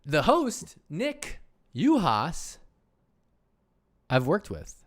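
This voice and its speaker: A man's voice: fairly high pitch, wildly swooping pitch, drawn-out words, no echo. A man hosting a casual livestream chat, rambling and cutting himself off, laughing often. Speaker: host.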